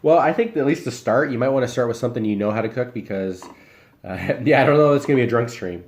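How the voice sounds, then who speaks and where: A man's voice: mid-range voice, fast talker. A young man from Iowa, chatting casually with his live stream viewers and answering their comments while he eats. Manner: relaxed, rambling, talks while eating.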